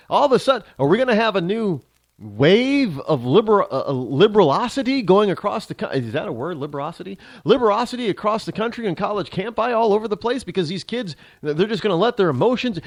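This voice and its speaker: A man's voice: high voice, sing-song, brisk, dry recording, studio quality. A male talk show host delivering a sarcastic, ranting opinion monologue, switching into mock voices.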